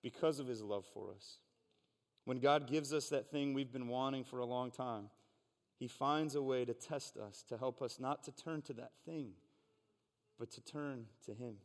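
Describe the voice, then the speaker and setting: A man's voice: medium pitch, normal speed, big-room sound. A man preaching a sermon, reading scripture aloud and explaining it in an earnest, conversational way. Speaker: pastor. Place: church sanctuary.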